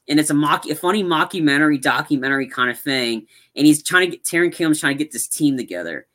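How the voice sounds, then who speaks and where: A man on a live-streamed podcast, talking casually and rambling about movies, acting out scenes with excitement. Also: fairly high pitch, fast, hardly any pauses. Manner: rambling, animated, acts out movie lines. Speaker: podcast co-host.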